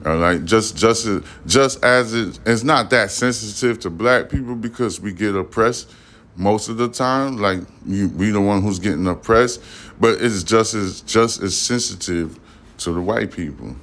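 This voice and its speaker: A man's voice: on the low side, fairly bright tone. A man hosting a podcast, reading news headlines and riffing on them in a rambling, conversational way with frequent profanity. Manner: reads headlines aloud then riffs on them. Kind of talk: casual news commentary.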